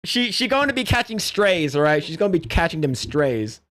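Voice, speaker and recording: A man hosting a casual livestream, reacting with loud exclamations and low mutters. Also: big pitch swings, normal speed. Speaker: streamer and podcast host.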